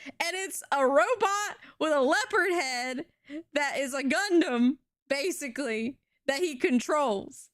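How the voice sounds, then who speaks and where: A young woman streaming, retelling a show in an animated, rambling way with casual swearing. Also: sits high, slow pace, dry recording, studio quality. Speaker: VTuber streamer.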